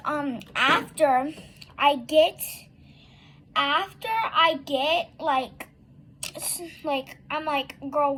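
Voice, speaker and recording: A young girl with a high, fairly bright voice rambles through a long story in a casual vlog, using many fillers and "likes" and acting out what she and a friend said. There's a little hiss or hum in the audio.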